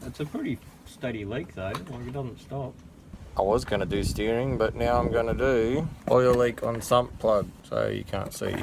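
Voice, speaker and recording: A man's voice: on the low side, vocal fry, background noise. An Australian man who is sick with a sore throat chats casually while working under a car, full of dry, joking sarcasm. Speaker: home mechanic vlogger.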